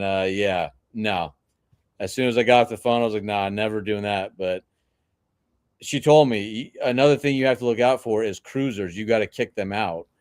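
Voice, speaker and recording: Low-voiced man on a dry video call. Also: clear, resonant tone, no echo. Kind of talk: casual chat.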